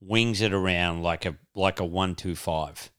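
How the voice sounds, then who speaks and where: A man's voice: deep voice, normal speed, a bit bright, clear, resonant tone. A young adult man, co-hosting a podcast, rambling along in laid-back chat with plenty of swearing. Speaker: podcast co-host. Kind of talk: casual chat.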